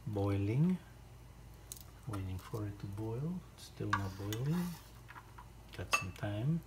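A man's voice: lowish voice, expressive, takes it slowly. A man hosting a home cooking video, chatting casually to himself and his dog as he works. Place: home kitchen. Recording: loud kitchen noise throughout. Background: chopping, clinking dishes and cutlery.

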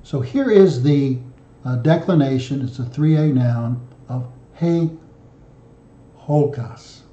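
A man doing his study homework aloud on camera, reading through word endings one by one in a slow, methodical way. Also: fairly high pitch, lively intonation, warm tone, echoey room, muffled recording. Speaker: founder of a study group, self-taught student. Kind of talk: solo study video, reading declensions aloud.

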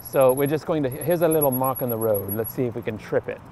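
Quick-paced and mellow, his mid-range voice carries a rambling monologue as he bikes through quiet streets in town. The vlogger argues with himself in two voices and keeps slipping into a half-British accent. Traffic and street noise stay faint in the background.

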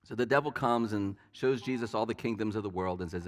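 A man's voice: lowish voice, brisk, hardly any pauses, in a large hall. A man preaching a sermon as pastor, telling stories in a conversational way with light asides. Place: church sanctuary.

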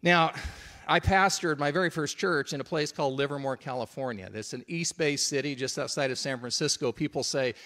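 A man's voice: medium pitch, fairly quick, fairly bright tone. A middle-aged man preaching a sermon, telling a story in a conversational way and checking in with his listeners.

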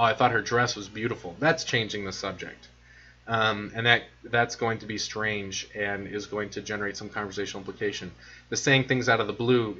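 A man lecturing in a relaxed, conversational way, explaining ideas with many ums and restarts. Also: lowish voice, highs cut off. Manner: conversational, filler-heavy explaining. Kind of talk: recorded lecture.

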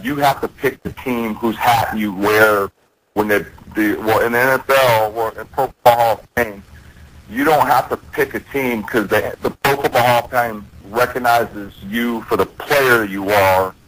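A man's voice: fairly low pitch, fairly bright tone, rough recording. A man talks in a radio interview. He tells his story earnestly and often restarts his sentences. He sounds like he is in his forties. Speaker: interview guest, retired football player.

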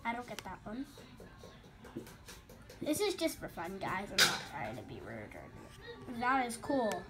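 A woman vlogger giving casual commentary as she browses websites, excitable and quick to gasp and exclaim at what she sees. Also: medium pitch. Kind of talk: casual screen-recording commentary. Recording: music clearly audible behind voice.

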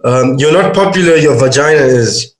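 A young man from South Africa co-hosting a comedy podcast, reading tweets aloud and laughing between jokes. His voice sits a little high, and the room adds a noticeable echo. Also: moderate pace. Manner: joking, reads tweets aloud, laughs often. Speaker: podcast co-host. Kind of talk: casual comedic chat.

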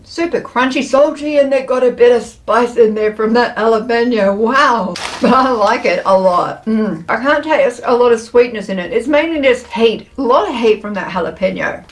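A woman's voice: fairly high pitch, a little hiss or hum. A woman chatting casually through a food taste test, enthusiastic and playful, with savoring sounds between bites.

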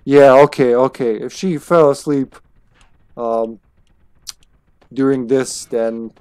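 A man's voice: mid-range voice, fairly even intonation, slow, darkish tone, clear, resonant tone, no echo. A man streaming a game live, chatting in a laid-back way, swearing and laughing. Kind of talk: casual live gameplay commentary. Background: game music.

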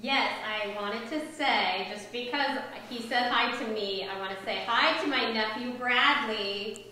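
A woman from North Carolina, a zoo educator and former teacher, chatting softly with a co-host on a live stream. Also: a little high, a little slow. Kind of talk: casual chat on a live stream. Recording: echoey room.

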